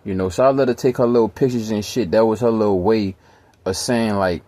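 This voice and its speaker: A man's voice: on the low side, fairly quick, mellow. A man vlogger telling a rambling story in casual street slang, profane and emphatic.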